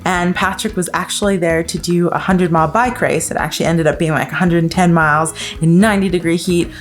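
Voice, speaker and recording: A woman's voice: fairly low pitch, fairly even intonation, a little fast, faint music behind. A woman vlogging in a chatty, playful way, laughing often as she talks. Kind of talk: casual vlog talk.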